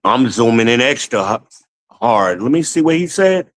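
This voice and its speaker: Profane, animated man hosting a livestream. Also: mid-range voice, normal speed, rough recording. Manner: profane, animated, laughs often, talks to chat as y'all. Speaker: livestream host reading chat. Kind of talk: casual livestream commentary.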